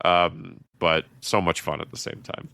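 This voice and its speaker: Low-voiced man rambling about a movie. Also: flat delivery, unhurried, vocal fry, pushed and bright, clear, resonant tone, no room sound. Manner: rambling, quotes movie lines in funny voices. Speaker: podcast co-host. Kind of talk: casual movie chat.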